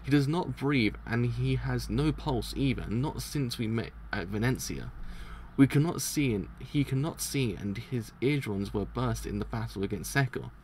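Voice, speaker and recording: A man reading aloud as a cold, commanding male mafia boss, speaking in calm, measured instructions. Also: medium pitch, slight background noise, natural voice. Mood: cold, instructing.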